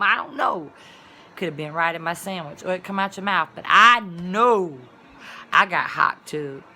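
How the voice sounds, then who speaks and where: Woman vlogger, bright and forceful, animated casual storyteller. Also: lowish voice, normal speed. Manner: animated, colloquial storytelling with sudden loud exclamations.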